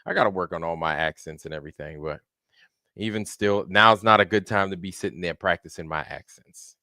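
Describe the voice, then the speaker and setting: A relaxed man chats on his livestream and greets viewers one at a time. His voice sits fairly low. The sound is close and dry, with no room around it. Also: a little fast, no room sound. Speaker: livestream host. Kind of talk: casual livestream chat.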